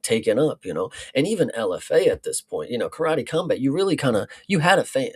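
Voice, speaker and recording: A man's voice: medium pitch, big pitch swings, fast, breathy edge. A man co-hosting a casual podcast, talking bluntly and loosely with plenty of swearing. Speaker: podcast co-host. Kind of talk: casual chat.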